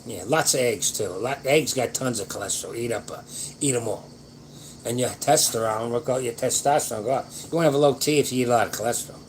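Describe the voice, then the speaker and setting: A man's voice: medium pitch, fast talker, poor audio. Older male host, casual late-night advice chat, folksy and rambling, slight background hiss. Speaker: livestream host answering viewer questions.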